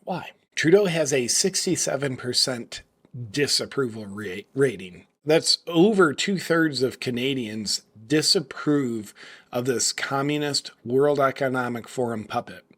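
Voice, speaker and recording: A man's voice: mid-range voice, animated, a little slow, a bit bright. A man in his forties hosting a political commentary video, mocking and sarcastic, switching into an ad read. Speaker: host.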